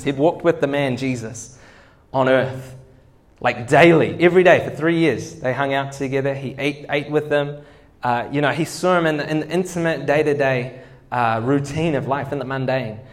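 A man preaching a sermon, reading scripture slowly and deliberately, swinging between fired-up peaks and quiet asides. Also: a little high. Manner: animated, building intensity, drops to quiet asides.

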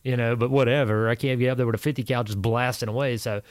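On an indoor podcast, a male combat veteran tells war stories casually, swearing freely and acting out the voices he quotes as an animated storyteller. His voice is medium-pitched and quick, and the recording is dry.

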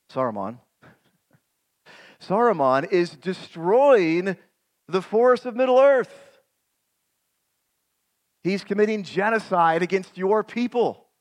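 A middle-aged man preaching a sermon, retelling scripture as a vivid dramatic story and rising to loud emphatic peaks. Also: on the high side. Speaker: pastor.

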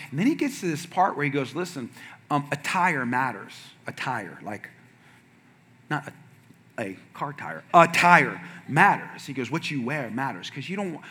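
Animated, high-pitched, bright pastor preaching. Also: male voice. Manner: storytelling, animated with wide swings from quiet asides to shouted punchlines. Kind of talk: sermon.

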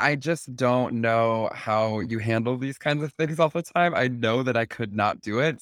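A man hosting a podcast, chatty and self-deprecating, with his speech full of casual fillers. His voice sits at a middle pitch. The recording is dry and close-miked. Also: fairly bright tone, dry recording. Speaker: podcast host. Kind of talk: casual interview.

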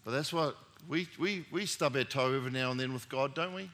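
A man's voice: mid-range voice, brisk, a bit bright. A middle-aged man preaching a sermon as pastor, telling family stories in a conversational way and rising to emphatic peaks.

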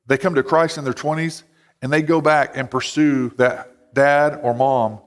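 A man's voice: mid-range voice, fairly even intonation, measured pace. A man preaching a sermon in a casual, conversational way, full of "like" and "you know.". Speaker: pastor. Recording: long hall reverb.

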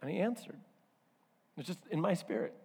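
A male pastor preaching a sermon, telling a personal story in an animated way and acting out voices and asides. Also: a little high, normal speed, vocal fry, breathy edge. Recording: hall reverb.

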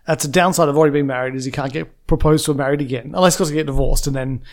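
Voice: medium pitch, steady tone, rapid-fire. A speaker in a casual chat, making wry, dry jokes and often restarting sentences.

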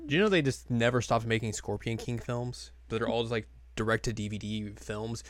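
A man's voice: mid-range voice, fairly quick, no room sound. A young man hosting a casual anime recap podcast, joking and sarcastic as he rambles through the episode. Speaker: podcast host.

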